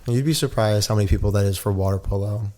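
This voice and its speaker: A man's voice: lowish voice, quick pace, dark tone. Young man telling rambling stories. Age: young adult. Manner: rambling, filler-heavy storytelling. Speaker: podcast guest. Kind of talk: casual chat.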